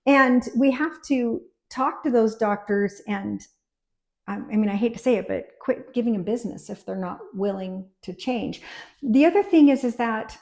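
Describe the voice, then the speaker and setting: Animated woman midwife telling stories. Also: on the high side, normal speed. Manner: animated storyteller, acting out quotes. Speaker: midwife, guest. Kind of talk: casual interview chat.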